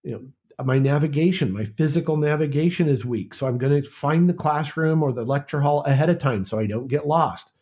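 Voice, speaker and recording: A man's voice: fairly high pitch, fairly quick, highs cut off. A man, a university lecturer, speaks as a guest in a conversational podcast interview, thoughtful and often restarting words.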